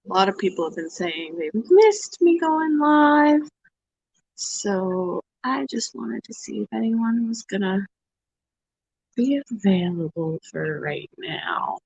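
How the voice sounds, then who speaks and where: A soft-spoken woman with a fairly high voice hosts a slow, easygoing pet livestream from home. She drifts into near-whispers and coos baby talk at her animals. The audio is dry and slightly muffled, as if from a phone or webcam mic. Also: expressive, creaky, dry recording. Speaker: pet channel host. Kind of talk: casual livestream chat.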